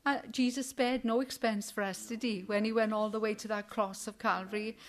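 Speaking fairly quickly, with a fairly high pitch and fairly even intonation, an older woman runs a Bible study like an informal sermon. Her manner is earnest and chatty, she tends to end points with tag questions, and she performs indignant quotes with animation.

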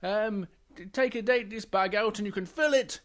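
Storybook farmer, generous and relaxed, slightly lifted voice, from a male narrator. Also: sits high, normal speed, pitched above the performer's own voice, close to an everyday voice. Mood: friendly.

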